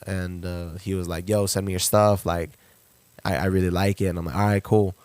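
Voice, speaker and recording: A young man telling a story on a podcast, lively, leaping up in pitch when he acts out quotes. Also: brisk, clear, resonant tone, no room sound. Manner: animated, jumps pitch to act out quotes. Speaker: podcast guest, rapper. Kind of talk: casual storytelling.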